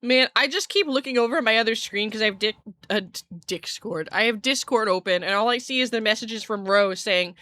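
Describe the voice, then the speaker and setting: Woman, from Scotland, livestream chat, giggly, rambling, bright tone, dry close mic. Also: fairly high pitch, brisk, few pauses, no room sound. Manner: giggly, rambling, self-interrupting. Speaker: virtual streamer. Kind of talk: casual livestream chat with viewers.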